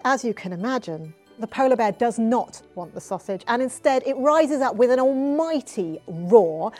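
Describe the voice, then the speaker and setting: A woman storyteller telling a folk tale aloud, expressive with hushed asides. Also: a little high. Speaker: storyteller guest. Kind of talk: oral storytelling.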